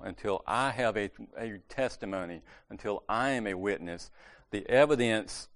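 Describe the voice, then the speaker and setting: A man leads a church meeting in a relaxed, conversational sermon. He talks like he's chatting with the congregation, catches his own slips and corrects them, and drops in the odd light joke. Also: on the low side. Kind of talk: casual sermon.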